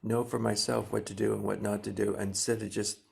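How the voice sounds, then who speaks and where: A man in his seventies, a Zen teacher giving a dharma talk, speaking slowly and gently with many pauses and fillers. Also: lowish voice, flat delivery, vocal fry. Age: 70s.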